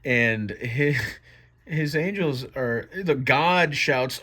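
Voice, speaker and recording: A man talks slowly through his old comic, with a wry, amused tone. His pitch moves freely up and down as he gives offhand asides. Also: lively intonation, sharp tone. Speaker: vlogger. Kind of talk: comedic commentary on his own old comic.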